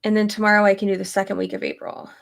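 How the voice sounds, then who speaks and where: Gravelly-voiced woman rambling about her schedule. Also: medium pitch, little pitch movement, racing. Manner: rambling, thinking aloud, swears casually. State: pregnant. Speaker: YouTuber. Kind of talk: casual chat reading stream comments.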